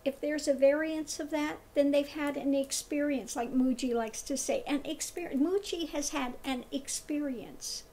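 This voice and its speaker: High-voiced, slow, scornful woman. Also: steady tone, warm tone, slight background noise. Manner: emphatic, repetitive, scornful. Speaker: tarot reader and spiritual commentator. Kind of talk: commentary monologue.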